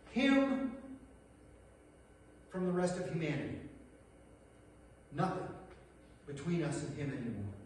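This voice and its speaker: A man preaching a sermon as pastor, earnest, with dramatic pauses and hushed retellings of scripture. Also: high-pitched, animated. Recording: echoey hall recorded from far off.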